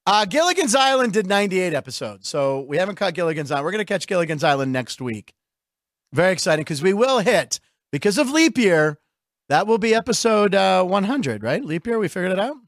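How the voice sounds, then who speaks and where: A middle-aged man from Pittsburgh hosting a casual comedic radio chat, rambling with jokes and quick asides. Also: high-pitched, sing-song, no room sound, clean studio sound. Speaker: host.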